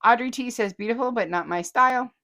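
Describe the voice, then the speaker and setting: A woman's voice: a little high, fast talker, pushed and bright. A chatty woman, hosting a casual vlog and reading viewer comments aloud with frequent laughter. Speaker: host.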